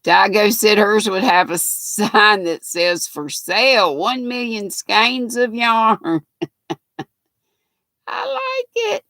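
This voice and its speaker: Older woman, North Carolina Southern accent, folksy livestream host, unhurried, dry close sound. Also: medium pitch, sharp tone, dry recording. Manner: folksy, chatty, laughs often. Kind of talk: casual live chat reading viewer comments.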